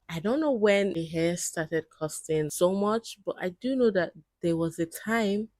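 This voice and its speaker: A woman's voice: fairly low pitch, animated, a little slow, few pauses, darkish tone, no echo. Chatty woman vlogger, dry close sound. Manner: chatty, addresses viewers as guys. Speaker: vlogger reacting to clips. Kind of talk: casual commentary to viewers.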